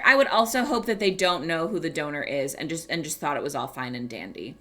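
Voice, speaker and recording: A woman streamer telling a story in casual chat, animated, swearing and laughing often. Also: low voice, fairly quick, hardly any pauses.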